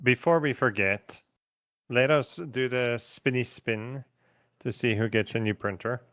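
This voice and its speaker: A man's voice: medium pitch, unhurried, fairly bright tone, dry recording, studio quality. A man hosting a livestream in a casual, hesitant way with frequent fillers. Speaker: host.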